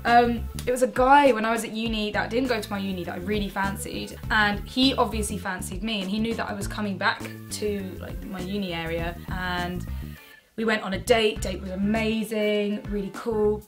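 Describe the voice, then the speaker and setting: A woman's voice: mid-range voice, fairly quick, music in the background. Frank woman telling a story. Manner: frank, animated storytelling with lots of swearing. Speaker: co-host. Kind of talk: casual chat.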